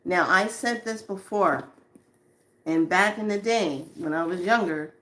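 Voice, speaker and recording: A woman giving a casual spiritual talk to viewers, chatty and animated, often laughing and slowing to a soft hush on calming lines. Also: lowish voice. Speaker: spiritual teacher.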